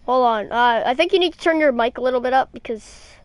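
A woman's voice: sits high, fast, clear, resonant tone. A woman doing casual gaming commentary, playfully trash-talking and exclaiming at the screen. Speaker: gamer streaming a baseball game.

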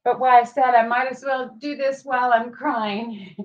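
On a lo-fi livestream, a woman with a higher voice speaks at a moderate pace in a steady tone. She's at home, tearful but chatty, talking both to viewers and to her dogs.

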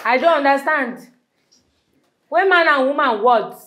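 A woman's voice: high voice, expressive, measured pace, background noise. A woman playing a strict, scornful schoolteacher in a comedy sketch, scolding with a Nigerian accent. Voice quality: scolding, sharp and mocking.

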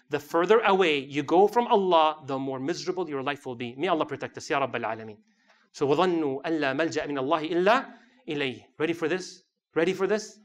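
A man in his thirties preaching a lively sermon to a gathered audience, telling stories, acting out voices and quoting Arabic verses. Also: a little high. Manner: animated, acts out voices, quotes Arabic verses.

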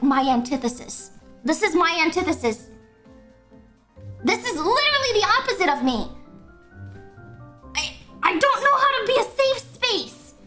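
A young woman streaming a game, chatting casually in an excitable, swearing, stammering way with frequent laughter, and faint game music behind her. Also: very high voice.

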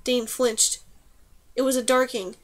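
A woman reading a fantasy novel aloud as audiobook narrator, in an even, measured way. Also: on the high side. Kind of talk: scripted narration.

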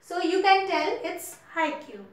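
A woman college lecturer with an Indian English accent, giving an online class in a halting way with many fillers and repeats. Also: very high voice, steady tone. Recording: echoey room.

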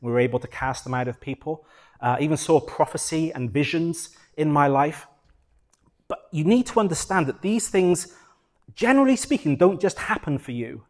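A middle-aged British man preaching from the pulpit, his voice sitting a little high for a man. He tells his story with animation, swinging loud and soft as he acts out his own prayers. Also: animated, moderate pace. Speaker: pastor. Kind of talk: sermon.

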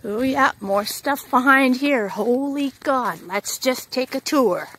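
A woman vlogging outdoors at a fairground, gushing with excitement, whooping and repeating her exclamations while filming on a handheld camera. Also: high-pitched, slow pace, hardly any pauses. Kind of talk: casual vlog commentary while filming.

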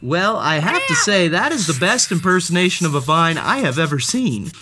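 A woman's voice: fairly low pitch, big pitch swings, normal speed, background noise. A woman reading a children's picture book aloud, playful and theatrical, talking to the character with gasps and exclamations. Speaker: storybook reader. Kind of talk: children's read-aloud storytelling.

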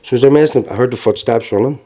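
A Northern Irish man in his forties, with a Belfast accent, gives frank personal testimony in an interview. He tells it plainly, with halting restarts, in a mellow, medium-pitched voice.

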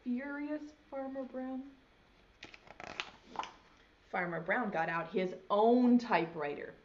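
A young woman preschool teacher reading a picture book aloud, gently stopping to ask the children questions. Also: on the high side, animated, slow pace, muffled recording, background noise. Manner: gentle, asks children questions as she reads. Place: home video lesson.

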